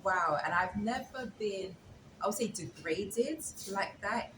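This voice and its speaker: A woman's voice: mid-range voice, animated, takes it slowly. A woman as an interview guest, casually telling a story and acting out the dialogue. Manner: retells events with quoted dialogue. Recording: echoey room with background noise.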